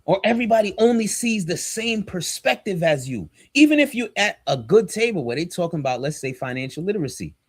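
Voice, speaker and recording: A man's voice: high voice, very animated, brisk, hardly any pauses, husky, no room sound, studio quality. A man, a pastor and podcast co-host, talking in a casual but preachy, emphatic and slangy way. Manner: emphatic and fired up, slangy and direct.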